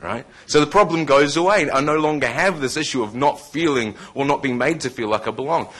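A man's voice: medium pitch, brisk, a bit bright. A man in his thirties, born in Scotland, with a New Zealand accent, giving a conversational testimony talk to a live audience with jokey asides. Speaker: speaker.

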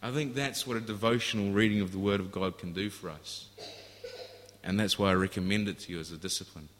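A male pastor delivers a sermon in a low, bright voice, earnest and storytelling. His words ring with a long hall reverb. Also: fairly even intonation, fairly quick. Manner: earnest, storytelling, with frequent restarts. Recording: echoey hall.

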